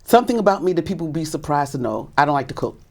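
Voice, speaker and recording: A woman radio personality as interview guest, animated and earnest, often laughing. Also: sits low, rapid-fire, noisy background. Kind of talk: casual interview chat.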